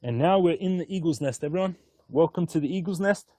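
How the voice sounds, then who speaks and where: A man chatting casually on a live stream from an outdoor hilltop, easygoing and often excited. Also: a little high, quick pace, no echo. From Australia. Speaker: stock market vlogger.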